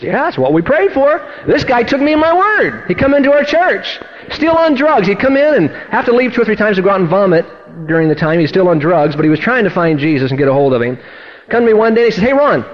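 Male pastor, high and fast-talking, telling sermon stories live, acting out every voice, dull lo-fi tape. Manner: animated storyteller acting out dialogue, swinging from loud to hushed. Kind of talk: sermon testimony storytelling. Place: church service.

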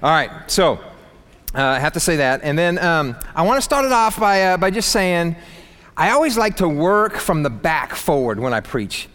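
A man preaching a casual, emphatic sermon in a church, with sudden loud peaks. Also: on the high side, very animated, normal speed. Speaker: pastor. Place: church sanctuary. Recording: long hall reverb.

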